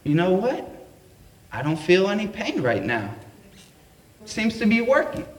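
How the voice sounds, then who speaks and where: A man voicing a sweet, gentle old grandmother who asks for help in a hesitant, coaxing way. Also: medium pitch, big pitch swings, measured pace, recorded from a distance, pitched above the performer's own voice. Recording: echoey live room.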